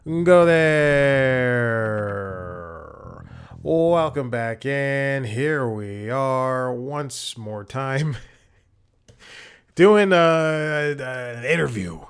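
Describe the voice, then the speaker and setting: A man's voice: medium pitch, very slow, clean tone. A man hosting a podcast, giving a casual, rambling intro with self-corrections and chuckling asides. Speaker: podcast host.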